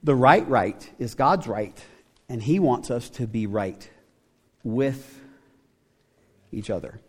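A man's voice: mid-range voice, expressive, takes it slowly, slightly rough. Man preaching a sermon in a reverberant hall. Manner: conversational preaching with rhetorical questions. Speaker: pastor. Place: church sanctuary. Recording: long reverb of a church hall.

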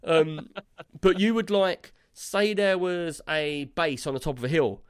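A man's voice: a little high, animated, measured pace, smooth, no echo, clean studio sound. A man, co-hosting a casual gaming podcast and telling a long, rambling story full of fillers. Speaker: podcast co-host.

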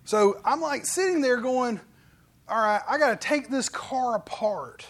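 A pastor preaching a casual, folksy sermon, animated and full of playful asides and quick put-on voices. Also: male voice, very high voice.

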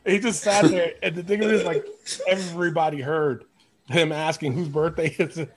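A man hosting a podcast, telling stories in an animated, casual way, laughing often and swearing. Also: fairly high pitch, normal speed. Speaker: podcast host. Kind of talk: casual chat.

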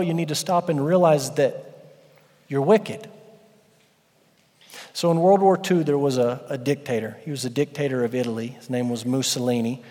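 A man preaching a sermon as a pastor, emphatic, with dramatic pauses and stressed words. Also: mid-range voice, steady tone, darkish tone. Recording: long church-hall reverb.

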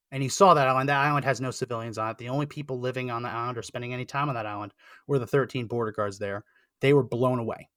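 Bright-voiced emphatic male commentator. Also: medium pitch, no echo, clean studio sound. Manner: earnest and emphatic, repeats phrases for stress. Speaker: political show host. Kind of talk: opinionated political commentary.

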